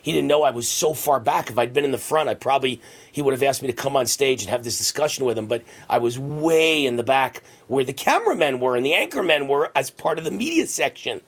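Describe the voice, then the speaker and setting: Husky-voiced boastful male talk host. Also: lively intonation, fast talker. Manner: boastful storytelling, acts out shouting with rising pitch. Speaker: radio and TV talk show host. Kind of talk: conservative talk radio monologue.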